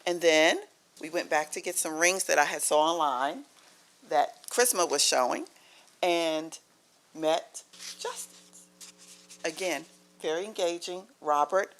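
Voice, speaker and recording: A middle-aged woman from Maryland speaks at a podium microphone during a public meeting, in a somewhat low voice. She tells her story with earnest, emphatic feeling and a storyteller's flow. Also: fairly bright tone. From Maryland, USA. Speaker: honoree's guest speaking at a county board meeting. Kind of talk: heartfelt public remarks.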